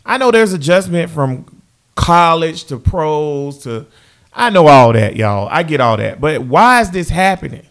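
Animated fan ranting about his team. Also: on the high side, a little slow. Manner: animated, repeats phrases, talks straight to viewers. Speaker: sports fan commentator. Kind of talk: casual fan commentary.

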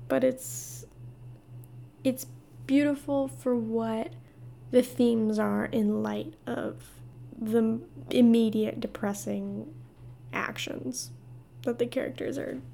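A young woman hosting a solo podcast, talking through a play with phrase ends that trail off into a breathy whisper. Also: fairly high pitch, flat delivery, slow, warm tone. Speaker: podcast host. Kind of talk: solo podcast book discussion.

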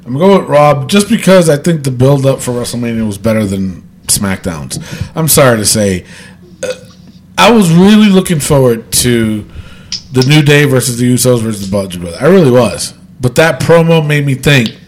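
A man co-hosting a podcast in casual chat, often laughing and chiming in with quick agreement. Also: mid-range voice, big pitch swings. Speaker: podcast co-host.

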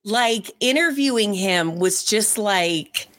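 A woman co-hosting a casual podcast, telling stories about meeting celebrities in an animated, chatty way. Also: mid-range voice, takes it slowly. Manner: chatty and animated, acts out voices in her stories. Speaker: podcast co-host and former radio interviewer. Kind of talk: casual storytelling chat.

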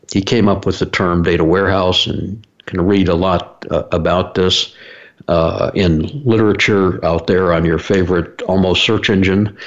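A man's voice: deep voice, muffled recording. A man hosting his own show, telling a long story in a rambling, anecdotal way with frequent fillers and restarts. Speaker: podcast host. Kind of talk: casual explanatory monologue.

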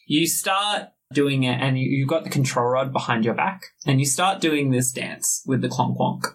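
A man's voice: mid-range voice, normal speed, slightly rough. A man narrating a tabletop game as game master, genial and drawling.

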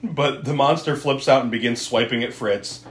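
A man's voice: medium pitch, moderate pace, reverberant, a little hiss or hum. A man recapping an old film in casual talk, laughing often, swearing, and acting out the characters. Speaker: podcast host.

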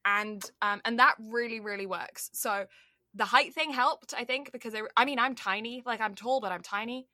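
Bright-voiced rambling Canadian woman. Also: fairly high pitch, normal speed, dry recording, studio quality. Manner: rambling, heavy on "like" and "um". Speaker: podcast co-host. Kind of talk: casual chat.

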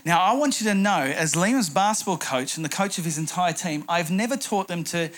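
A man's voice: high-pitched, expressive, a little fast, fairly bright tone, a little hiss or hum. Man, middle-aged pastor, humorous storytelling sermon.

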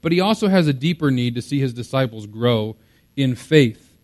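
A man's voice: medium pitch, lively intonation, normal speed, darkish tone. A man preaching a sermon as a pastor, in a conversational, explaining way with casual fillers.

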